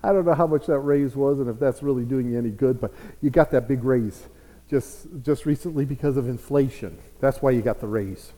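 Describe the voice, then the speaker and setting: A man preaching a sermon, telling a story with quiet asides and loud, emphatic passages. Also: mid-range voice, brisk. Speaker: pastor. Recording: echoey church hall.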